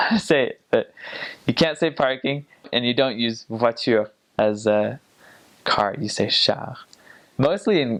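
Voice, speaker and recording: An American man talking casually to camera, explaining things in a chatty way and laughing often between points. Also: on the low side. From United States. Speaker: vlogger.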